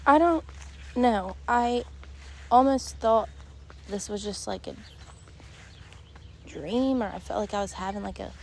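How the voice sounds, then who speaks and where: A woman in her thirties, tearful, speaking in an emotional, halting, rambling way in a personal vlog. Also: fairly high pitch, darkish tone, slight background noise. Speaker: vlogger. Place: rural home, barn nearby.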